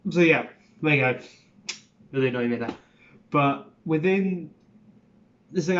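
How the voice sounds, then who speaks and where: A vlogger and acting student rambles casually through an accent tutorial, swearing and cutting himself off. His voice is mid-range, and the audio has its highs cut off.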